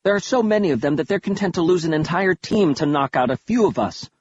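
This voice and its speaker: A man's voice: fairly high pitch, lively intonation, quick pace, a little mellow, breathy edge, dry recording, voice pushed up. A man voicing a weary male soldier who urgently pleads that the fight is lost. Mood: despairing. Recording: dull lo-fi audio.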